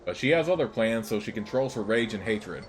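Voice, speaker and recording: A man with a fairly low voice reads a role-playing game's text aloud for a let's play, steady and measured. Faint noise sits beneath his voice. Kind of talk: reading game text aloud.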